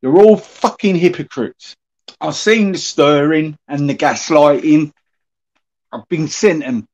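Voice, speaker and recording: A man's voice: a little high, a little mellow. A man livestreaming an angry, swearing rant at his critics, confrontational and aggrieved. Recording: dull lo-fi stream audio.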